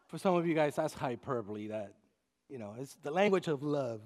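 A middle-aged man from Puerto Rico, a pastor preaching a sermon with humorous storytelling, swinging between loud and soft as he acts out quotes. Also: on the high side, animated, moderate pace, pauses often.

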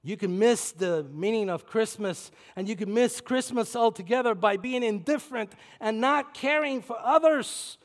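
A man from preaching a sermon in a church, telling a story that swings from soft asides to shouted climaxes. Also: high-pitched, moderate pace, few pauses. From Puerto Rico. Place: church sanctuary. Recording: long hall reverb.

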